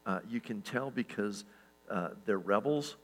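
A man pastor giving a sermon in a relaxed, conversational way, with lots of fillers and restarts and chuckles at his own stories. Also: lowish voice, unhurried, rough recording.

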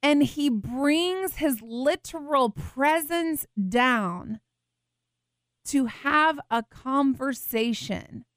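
A woman's voice: fairly high pitch, no room sound, studio quality. A woman hosting a faith show, teaching earnestly and tenderly and reading scripture aloud with expression. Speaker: show host teaching the Bible.

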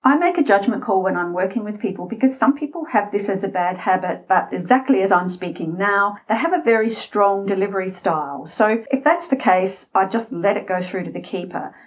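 A middle-aged Australian woman, a voice and interview coach, explaining speech habits in a deliberate way, with a slightly scratchy voice and shifts in pace and loudness for emphasis. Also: mid-range voice, lively intonation. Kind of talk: instructional talk.

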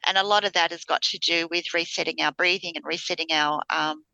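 A woman with a bright, forceful voice co-hosts a spiritual healing podcast. She chats casually, wandering through her points with frequent ums and restarts, recorded dry and close. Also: on the low side, fairly even intonation, a little fast, creaky, smooth, no room sound, poor audio. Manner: rambling, many fillers and restarts. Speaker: podcast co-host, spiritual healer. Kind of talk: casual chat.

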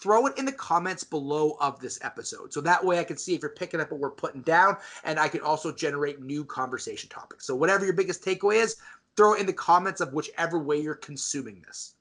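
A man's voice: on the high side, fast talker. A man hosting a debate podcast, energetically explaining the show's rules to listeners. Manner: energetic, talks straight to listeners. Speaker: podcast host.

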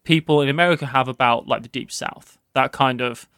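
A young British man from the West Midlands with a softened accent, chatting casually as a podcast co-host in a rambling, quick way. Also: mid-range voice, no room sound, studio quality. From West Midlands, England. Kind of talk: casual chat.

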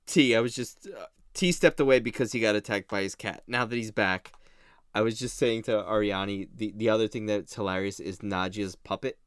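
A man talks casually on a podcast, clearly excited as he goes over scenes he loves. His voice sits in a mid range. The recording is dry and close to the mic. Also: on the low side, brisk, no echo. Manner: enthusiastic, animated retelling of jokes. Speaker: podcast host. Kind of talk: casual chat.

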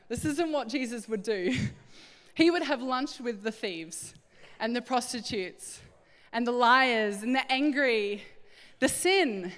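A middle-aged woman preaching a sermon, animated and acting out little scenes in different voices. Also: on the high side, slow pace. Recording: echoey hall with long reverb.

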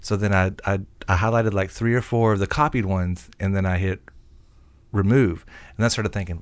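A middle-aged man hosting a show, casually telling a rambling story that gets animated in the retelling. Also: medium pitch, fast talker. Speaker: radio show host. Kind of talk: casual chat.

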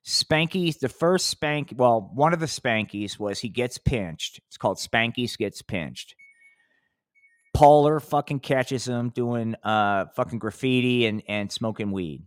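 A man's voice: medium pitch, dry recording, clean studio sound. A man hosting a live podcast, talking in a rambling, profane way and often restarting his sentences. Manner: rambling, profane, self-interrupting. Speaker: podcast host.

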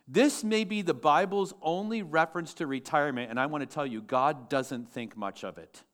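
High-voiced man preaching a sermon. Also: moderate pace, a bit bright. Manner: emphatic preaching, asks the congregation questions. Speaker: pastor.

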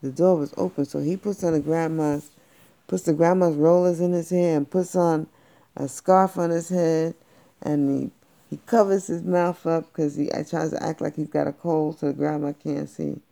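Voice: medium pitch, steady tone, moderate pace, gravelly, mellow. A parent improvising a playful, slangy bedtime story for a child, doing the voices.

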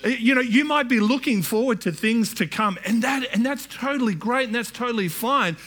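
A middle-aged male pastor delivers a sermon in a church. His voice sits high and sounds bright and forceful, and he keeps it conversational, restarting phrases and slipping into asides. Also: a little fast.

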